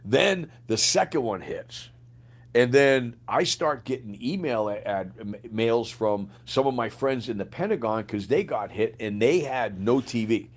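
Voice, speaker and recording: An older man tells war stories in a loose, casual interview voice. He acts out every line of dialogue and swears freely, and his speaking pitch sits right in the middle for a man. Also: lively intonation, measured pace. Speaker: guest, retired Green Beret sergeant major.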